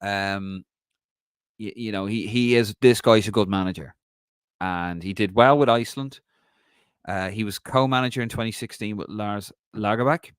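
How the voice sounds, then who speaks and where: A man with a mild Dublin accent hosts a live stream alone, chatting off the cuff and reading viewers' comments aloud. His voice sits low and deep. The sound is close and dry, with no room around it. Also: moderate pace, clear, resonant tone, no room sound. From Ireland. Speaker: podcast host doing a solo live stream.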